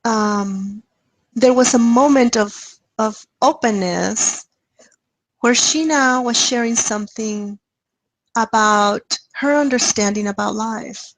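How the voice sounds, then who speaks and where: Woman presenter with a high, dry voice. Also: slow pace, no echo, rough recording. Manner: lively, acts out dialogue with rising pitch and laughs. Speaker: webinar presenter. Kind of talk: casual storytelling talk.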